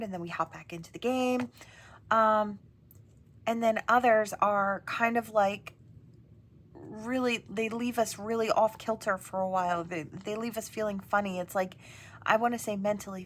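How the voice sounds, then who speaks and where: A woman giving a channeled tarot reading to her viewers, talking gently and rambling, with frequent fillers and tag questions. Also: mid-range voice, a little hiss or hum. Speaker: tarot reader.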